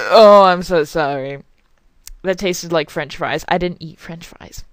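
A woman's voice: lowish voice, slow pace, heavy background noise. A young woman rambling and swearing through casual let's play commentary as a game channel host, apologizing often.

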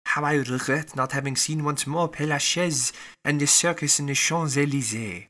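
A man voicing a talkative, excitable French valet in an audiobook reading. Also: on the high side, normal speed. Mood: chatty. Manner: talkative, fussy.

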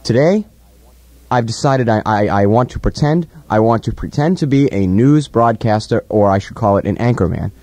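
A man's voice: lowish voice, expressive, normal speed, darkish tone, no echo. Young man, radio host, mock-grand and profane, stammering repeats, dry close studio mic. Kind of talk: irreverent casual radio banter. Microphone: studio mic, monitoring on headphones.

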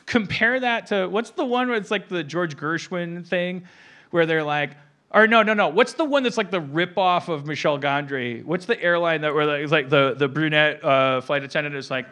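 A man in his forties rambles through casual comedic podcast chat in a bright, forceful voice. He veers off mid-sentence, piles up restarts and breaks into loud, shouting impressions of other people. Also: fairly high pitch, normal speed. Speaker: podcast host.

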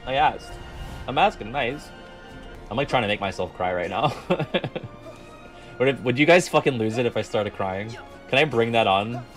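A man's voice: medium pitch, fairly bright tone. A man streaming video games, chatting casually with his viewers, joking and swearing freely. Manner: joking, profane, talks to chat. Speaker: gaming streamer. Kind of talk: casual gaming stream chat.

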